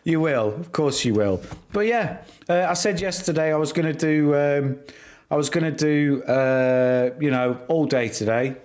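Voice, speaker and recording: A man's voice: a little high, measured pace, a little mellow. A middle-aged man hosting a live stream, chatting casually and teasing his viewers by name. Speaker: livestream host.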